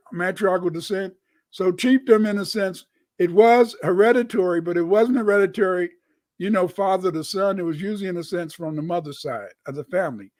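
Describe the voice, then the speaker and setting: With a voice that sits high and has a slightly mellow quality, this older American scholar from the United States chats loosely as a livestream guest. He wanders from point to point, repeats himself, and throws in the odd curse word, all on a dry recording.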